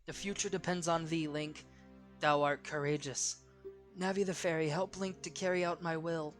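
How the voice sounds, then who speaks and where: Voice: medium pitch, steady tone, normal speed, faint music behind, natural voice. A let's player voicing a solemn, dying ancient male tree spirit in a game, in formal archaic speech. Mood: farewell. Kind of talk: let's play character reading.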